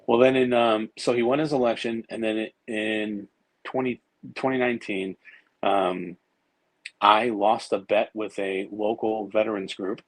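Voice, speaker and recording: As a podcast guest, a man tells long, meandering stories with lots of fillers, restarts, and some swearing. His voice is lowish and flat at a measured pace, and the dry recording has poor audio.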